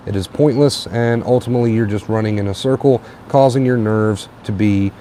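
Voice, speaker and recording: A young man hosting a late-night livestream on a tablet, a little tired, relaxed and repetitive, with plenty of uh and um. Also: fairly low pitch, slight background noise. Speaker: livestream host. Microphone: tablet mic.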